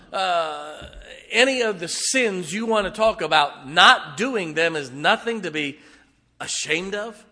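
Older male pastor, slightly high and bright-toned voice, emphatic sermon delivery, long church reverb. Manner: emphatic, swings from booming declarations to quiet wry asides. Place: church sanctuary.

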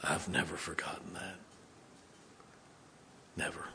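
Older male pastor, fiery sermon, lowish voice, loud-to-hushed swings. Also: fairly even intonation, takes it slowly, creaky, a little hiss or hum.

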